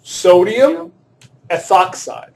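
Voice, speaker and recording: A man's voice: sits high, big pitch swings, very slow, creaky. A male chemistry teacher lecturing a class in a classroom, joking and quizzing students as he works through problems. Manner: joking, self-deprecating, asks the class questions.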